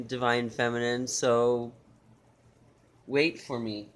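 A man reading channeled love messages in a soft, tender way, with repeated phrases and pauses. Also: mid-range voice, fairly even intonation. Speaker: spiritual reader.

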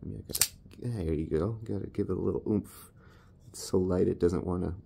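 A man with a deep, gravelly voice talks through his knife collection in a relaxed, wandering way, poking fun at himself as he goes. His tone is dark and mellow, and faint noise sits under the recording. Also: brisk. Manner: laid-back, rambling, self-deprecating. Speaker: knife reviewer. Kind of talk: casual product review.

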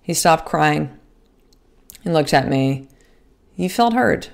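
Woman podcast host, slightly low voice, candid and profane, talks straight to her listeners. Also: moderate pace, creaky, pauses often, smooth. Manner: candid, swears freely, restarts sentences; earnest and motivational, addresses listeners as sister. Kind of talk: casual podcast monologue.

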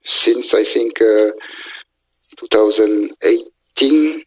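A man giving a technical engineering lecture, speaking haltingly with many filler sounds and restarts. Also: on the low side, husky, low-quality recording. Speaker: university lecturer in electrical engineering.

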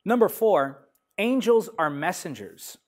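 A man preaching a sermon, reading scripture emphatically and swinging between loud declarations and softer lines. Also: high voice, animated, a little slow. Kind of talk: sermon teaching.

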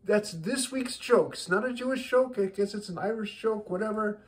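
A man's voice: sits high, normal speed, background noise. A man casually telling his weekly joke, rambling with many restarts and repeated words. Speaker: joke teller, host of a weekly joke.

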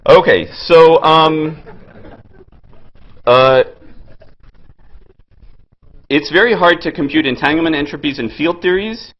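A man giving a physics lecture at a board, pausing often with fillers and restarting his sentences. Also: a little high, dull audio. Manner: halting, many fillers and restarts. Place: lecture hall.

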